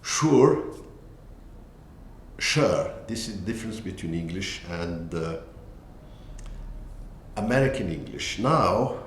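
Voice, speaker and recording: A man presenting a book as a language teacher, talking deliberately and pausing often on "uh" between points. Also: deep voice, animated, a bit bright, slight background noise. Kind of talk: slow lecture-style walkthrough. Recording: echoey room with faint ambience.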